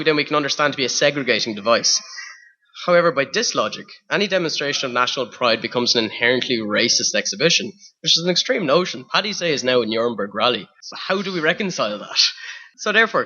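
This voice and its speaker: A man's voice: mid-range voice, bright, forceful tone, highs cut off. A young man from Ireland with an Irish accent, reading a personal essay to an audience in a wry, self-mocking way with rhetorical questions. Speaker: spoken word performer.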